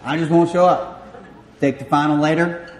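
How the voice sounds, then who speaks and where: Young Southern preacher, storytelling sermon, self-deprecating, slightly high voice, roomy church echo. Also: male voice, moderate pace, a little hiss or hum. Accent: Southern American. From Southern United States. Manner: animated storyteller, self-mocking, acts out voices. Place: church sanctuary. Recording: echoey hall with long reverb.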